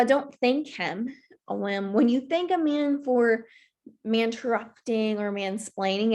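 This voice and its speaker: A woman's voice: a little high, darkish tone. A woman presenting a virtual workshop, giving earnest advice with many "you know" fillers over a video call mic.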